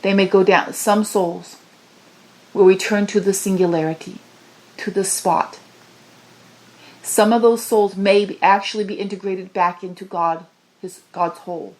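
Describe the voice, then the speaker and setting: A woman delivering a channeled spiritual message, pleading with passion and moving from low murmurs to high cries.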